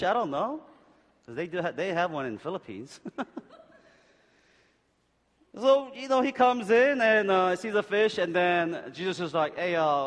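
A man preaching in a big, echoing hall with a middle-pitched voice. He jokes through the story, then rises to loud, urgent exhortations. Between those he drops into calm scripture reading. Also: normal speed, pauses often. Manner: animated, joking, shifts between shouting exhortation and quiet reading. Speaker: pastor. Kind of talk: sermon. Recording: long hall reverb.

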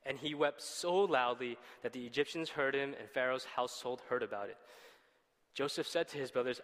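A man's voice: mid-range voice, a little fast, fairly bright tone. A man preaching casually, retelling a Bible story with rhetorical questions and light laughter. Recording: long hall reverb.

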